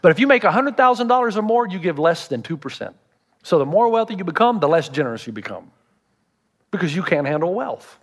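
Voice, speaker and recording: A man's voice: sits high, big pitch swings, fast talker. A middle-aged man, a pastor preaching a sermon with humorous storytelling.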